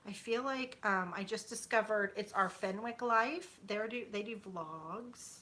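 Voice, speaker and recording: Woman, 30s, bright voice, chatty vlogger, rambling with fillers, sitting on her bed at home. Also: medium pitch, unhurried. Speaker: YouTuber. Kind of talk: casual chat with viewers.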